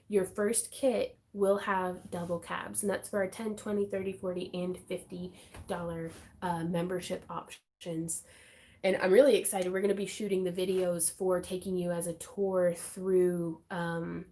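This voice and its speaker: A woman's voice: on the low side, unhurried. Bubbly woman livestream host. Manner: bubbly, excitable, chatty, giggly. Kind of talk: casual livestream chat.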